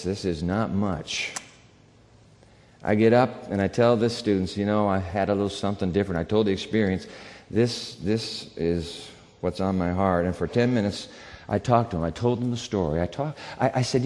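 A man preaching as a pastor, telling a personal story in a conversational, animated way and acting out the dialogue. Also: on the low side, in a large hall. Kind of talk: sermon storytelling.

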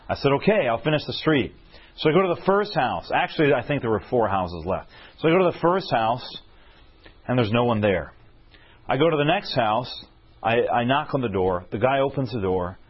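A husky man delivers a storytelling sermon, animated and often turning to his listeners with questions. His voice sits at an ordinary pitch. The recording is dull and lo-fi. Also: a little fast. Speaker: preacher.

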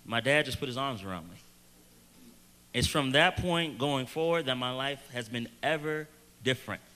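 Bright-voiced man giving earnest testimony. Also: mid-range voice, animated. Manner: earnest storytelling with hesitant restarts and emphatic slowed phrases. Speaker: youth panel speaker. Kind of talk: personal testimony in a panel Q&A.

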